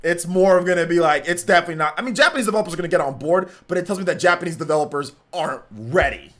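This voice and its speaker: A man's voice: a little high, racing, fairly bright tone. A man hosting a casual gaming podcast over an online call, ranting emphatically and repeating himself as he talks. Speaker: podcast host.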